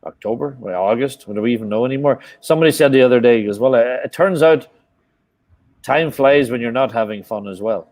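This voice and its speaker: A man with an Irish accent, chatting as a guest on a live video call with quick teasing banter and casual swearing. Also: mid-range voice, a little mellow, dry recording. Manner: rapid banter, swears and teases.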